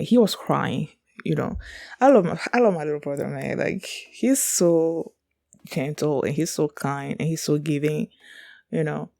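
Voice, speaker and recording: A woman's voice: low-pitched, measured pace, vocal fry, mellow, dry recording, studio quality. A woman hosting a reaction video, telling a personal story in an earnest, emotional, rambling way with many fillers. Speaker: reaction channel host.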